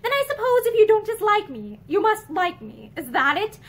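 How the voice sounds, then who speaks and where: A woman's voice: extremely high pitch, big pitch swings, normal speed, voice pushed up. A woman reading as a persistent, determined young man. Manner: quiet, determined questioning. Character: earnest young Englishman, persistent and probing.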